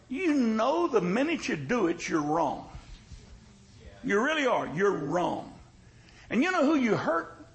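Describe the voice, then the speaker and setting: A man's voice: extremely high pitch, big pitch swings, measured pace, low-quality recording. A male pastor preaching a sermon in a folksy, joking way, with emphatic repetition.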